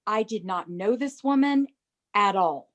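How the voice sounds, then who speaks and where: A woman's voice: medium pitch, lively intonation, unhurried. Earnest woman telling a personal story. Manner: earnest, tells the story by acting out dialogue. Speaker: program client giving a testimonial.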